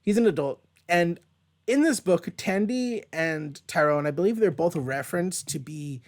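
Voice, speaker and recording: A man with a fairly high voice chats through a comic book page by page at a moderate pace. The casual review show is filmed at home with a dog around, and his talk wanders, loaded with fillers and the odd swear word.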